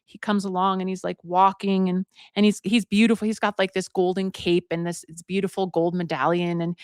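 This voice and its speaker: A woman's voice: medium pitch, level tone, a little fast, smooth, dry recording. Casual woman host telling a folk story on a livestream, rambling, dry close sound. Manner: rambling, self-correcting.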